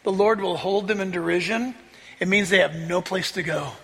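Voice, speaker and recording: A man preaching a sermon as a pastor, excitable, often laughing and rising to shouts as he reads scripture. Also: sits high, moderate pace, big-room sound.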